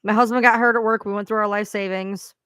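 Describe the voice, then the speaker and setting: A woman's voice: medium pitch, fairly even intonation, quick pace, fairly bright tone, clean tone, dry recording, studio quality. A woman hosting her own live stream, venting to viewers in a frustrated, profane rant. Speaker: livestream host.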